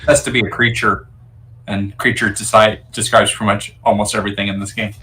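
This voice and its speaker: A man's voice: on the low side, level tone, brisk, sharp tone. A man playing a character in a tabletop game, talking in a wry, matter-of-fact way over an online call. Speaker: player. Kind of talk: casual tabletop play.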